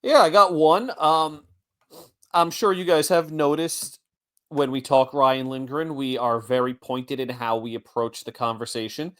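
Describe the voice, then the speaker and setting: A man's voice: medium pitch, unhurried, a bit bright. A man in his forties co-hosting a sports podcast, blunt and wry in casual chat. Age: 40s. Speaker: podcast co-host.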